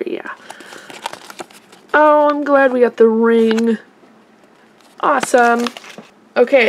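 A woman vlogger unboxes toys in slow, casual commentary, gushing with excitement as she talks to her viewers. Her voice sits a little high, and faint noise hums underneath. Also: vocal fry. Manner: gushing, easily excited, addresses viewers as "you guys".

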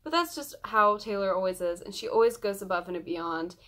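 A young woman vlogging in a casual chat, gushing excitedly as a fan. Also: medium pitch, fairly quick.

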